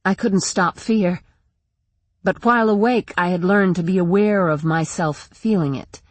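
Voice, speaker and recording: A woman narrating a first-person audiobook in a measured, tense way. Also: on the low side, dry recording.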